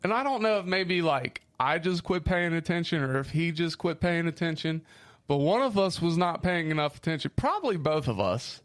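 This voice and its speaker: A man's voice: fairly high pitch, moderate pace. Swearing Midwestern man telling stories. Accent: Midwestern American. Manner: swearing storyteller, lively. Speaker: podcast co-host. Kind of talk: casual chat.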